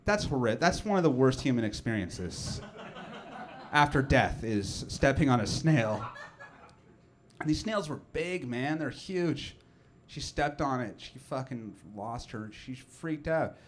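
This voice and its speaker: A man's voice: medium pitch, animated, measured pace, a little hiss or hum. A man, doing a rambling, self-deprecating stand-up set full of fillers and restarts. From Nova Scotia, Canada. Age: 30s. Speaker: comedian.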